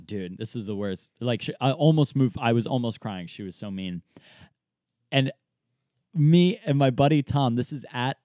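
Low-voiced young man telling a story. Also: dry recording, clean studio sound. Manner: animated storyteller, acts out quoted people, laughs often. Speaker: podcast co-host. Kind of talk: casual storytelling chat.

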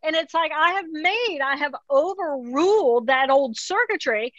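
A woman guest in an interview, explaining calmly and acting out inner voices in quotes. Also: high voice, measured pace, no room sound, dull audio. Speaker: author and neuroscientist guest. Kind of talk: interview conversation.

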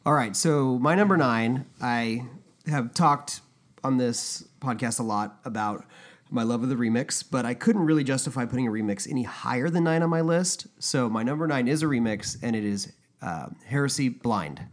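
A man co-hosts a podcast, chatting casually and enthusiastically with many fillers and restarts. His medium-pitched voice is expressive and moves at a moderate pace.

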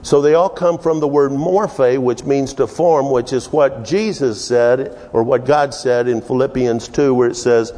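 A man preaching a sermon, working through scripture in an unhurried, halting way with many restarts. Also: mid-range voice, fairly even intonation, dark tone. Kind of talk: sermon with verse study. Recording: long hall reverb.

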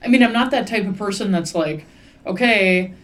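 A woman's voice: medium pitch, normal speed. A young adult woman, hosting a casual podcast chat in a rambling, wry and profane way. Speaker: podcast host.

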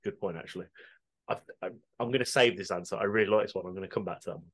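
A man's voice: deep voice, rapid-fire, slightly rough. A man co-hosting a podcast, bantering crudely and laughing as he reads out listener answers. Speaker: podcast co-host.

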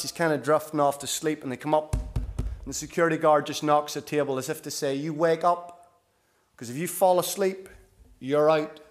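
Middle-aged preacher, fairly high pitch, animated storytelling delivery. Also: male voice. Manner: animated, rises in pitch and volume for emphasis. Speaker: visiting preacher. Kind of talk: storytelling sermon.

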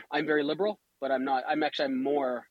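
A man's voice: on the high side, little pitch movement, fast talker, dry recording, phone-quality sound. A man from Canada in casual podcast chat, wry and tongue-in-cheek, often stopping and restarting his sentences.

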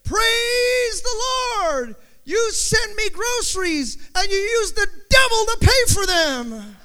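Pious little old lady shouting to heaven, high-pitched, voiced by a male preacher. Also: sing-song, slow pace, creaky, heavily acted. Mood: fervent. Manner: shouting praise to the sky. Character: devout little old lady, elderly woman. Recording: long hall reverb.

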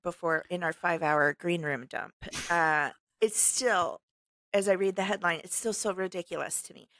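A woman's voice: lowish voice, steady tone, moderate pace, fairly bright tone, no echo. A woman co-hosting a podcast, reading a news story aloud with sarcastic asides and frequent laughter. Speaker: podcast co-host.

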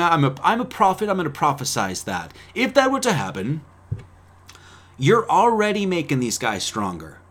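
Fiery, profane preacher man. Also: a little high. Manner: fiery, swearing, rapid shifts between loud and quiet. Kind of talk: profane sermon-style talk.

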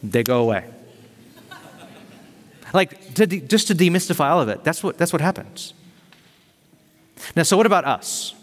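Energetic man preaching in a ringing hall. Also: a little high, normal speed, long pauses. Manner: energetic, conversational, uses casual slang. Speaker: pastor. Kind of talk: sermon. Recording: long reverb of a large hall.

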